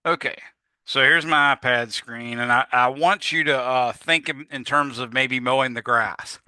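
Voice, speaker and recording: A man's voice: medium pitch, fairly even intonation, normal speed, bright, forceful tone, clean tone, no echo. A man teaching a physics class in a casual, rambling lecture style, often correcting himself and using filler words. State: yawning, a bit tired. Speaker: physics instructor.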